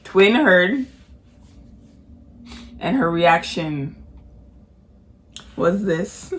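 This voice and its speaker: A woman's voice: lowish voice, animated, drawn-out words. A woman co-hosting a podcast, retelling a story in a casual, emphatic way and repeating phrases for effect. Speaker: podcast co-host.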